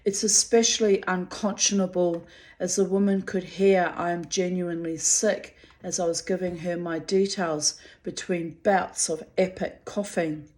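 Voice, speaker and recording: A pet owner with a New Zealand accent reads out messages about a dispute, adding blunt, bitter commentary and swearing freely. Her voice is on the low side and darkish, with a steady tone and a measured pace.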